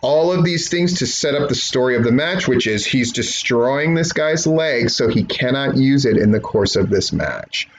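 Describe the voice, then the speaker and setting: A man's voice: mid-range voice, animated, moderate pace, hardly any pauses, a little hiss or hum, rough recording. Profane, opinionated man reviewing wrestling. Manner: blunt, profane and opinionated, mocking impressions. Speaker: wrestling match reviewer and trainer. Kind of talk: profane rant-style review commentary.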